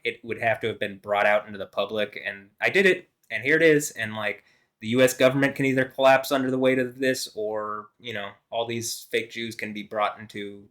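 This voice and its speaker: A man's voice: lowish voice, a bit bright. Man rambling in a solo monologue. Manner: meandering, profane, many fillers and restarts. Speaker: vlogger.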